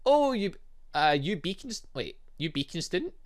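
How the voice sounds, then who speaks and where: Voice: medium pitch, big pitch swings, moderate pace, natural voice. A gamer voicing an old male shopkeeper who speaks in clipped, broken English, dropping little words and giving terse orders. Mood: curt.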